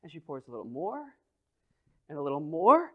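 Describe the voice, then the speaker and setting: High-voiced man preaching with big volume swings. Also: wildly swooping pitch, a little fast, lo-fi sound. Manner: acts out scenes and quotes with playful voices. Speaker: pastor. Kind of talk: sermon.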